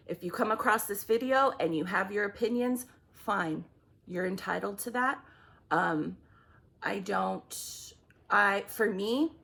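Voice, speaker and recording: A woman speaking as a psychic medium at home, talking in an intense, halting way with angry bursts and many restarts. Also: mid-range voice, fairly bright tone. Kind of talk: emotional spoken monologue.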